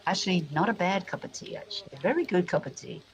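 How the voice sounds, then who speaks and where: A man's voice: sits high, animated, fast, gravelly, slight background noise, poor audio. A man from England telling rambling family stories, full of restarts and asides. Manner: meandering, frequent restarts and asides. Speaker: vlogger. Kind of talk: rambling personal storytelling.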